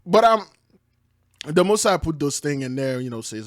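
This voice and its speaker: A man giving casual commentary on a news clip, laughing often, saying "man" a lot, and dropping to quiet low asides. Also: sing-song, normal speed. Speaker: online preacher reacting to news.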